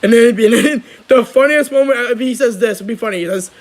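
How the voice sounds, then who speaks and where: A young man chatting casually on his channel, rambling and excitable, with lots of restarts. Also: very high-pitched, quick pace, low-quality recording. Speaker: vlogger. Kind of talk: casual chat.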